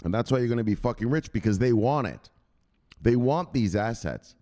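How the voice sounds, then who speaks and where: A man's voice: mid-range voice, animated, normal speed, dark tone. A man hosting a crypto channel, giving a coarse, swearing motivational rant and constantly asking "right?".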